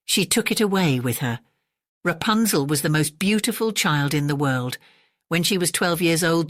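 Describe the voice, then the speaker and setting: A woman reads a classic fairy tale as a soothing bedtime story, gentle and unhurried. Her voice sits low, recorded close and dry. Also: no room sound.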